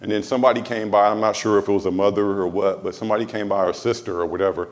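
This pastor from Los Angeles talks fast in a fairly low, level-toned voice while preaching in church. He speaks conversationally to the congregation, dropping in jokes and asides.

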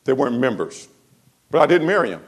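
A man pastor preaching a sermon to his church, telling a story and swinging from quiet, low asides to loud, raised exclamations. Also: very animated, a little fast.

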